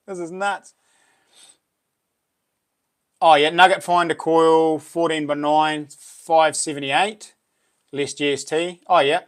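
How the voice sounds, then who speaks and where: A man hosting a casual livestream chat, laughing often and reacting excitedly to viewers. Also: on the high side, takes it slowly, long pauses. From New Zealand. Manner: chatty, laughs often, exclaims. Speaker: livestream host.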